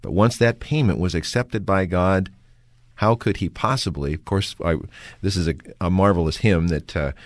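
A man hosting a religious radio discussion, asking leading questions in a measured way. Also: deep voice, no room sound. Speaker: host.

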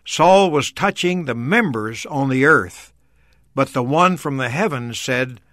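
A man's voice: medium pitch, lively intonation, unhurried, fairly bright tone, no room sound, clean studio sound. A man explaining a Bible passage in a discussion, earnestly repeating key phrases for emphasis. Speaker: Bible teacher guest.

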